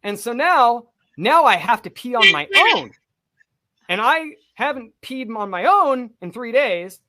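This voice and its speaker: A man's voice: very high voice, sing-song, measured pace, pushed and bright. A man co-hosting a podcast, telling a personal story in a casual, profane and vivid way. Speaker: podcast co-host.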